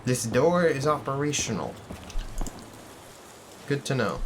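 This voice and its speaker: A man's voice: mid-range voice, big pitch swings, slow pace, noisy background. A man hosting a gaming channel, giving casual let's-play commentary in a jokey, rambling, self-deprecating way. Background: game music.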